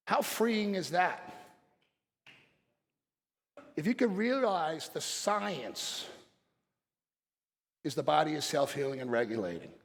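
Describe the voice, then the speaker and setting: A middle-aged man speaks from a stage in a large hall, and his words ring out with a long tail of reverb. His voice sits a little high and has a gravelly, fried edge. He talks bluntly and with passion, dropping to quiet reflection and then pushing hard on a point. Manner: blunt, passionate, swings between quiet and forceful. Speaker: chiropractic speaker. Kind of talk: motivational stage talk.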